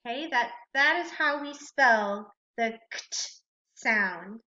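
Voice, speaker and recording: A woman teacher with a high, bright voice walks through a spelling lesson, slowly and carefully breaking words into syllables. The recording is roomy and echoey, with a dull, lo-fi sound. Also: lively intonation. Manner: slow, deliberate, sounding out syllables.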